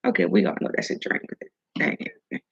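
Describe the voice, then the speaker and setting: A woman's voice: normal speed, highs cut off. A woman talking casually and preachily about self-worth and love, swearing now and then, with food in her mouth. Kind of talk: casual motivational talk.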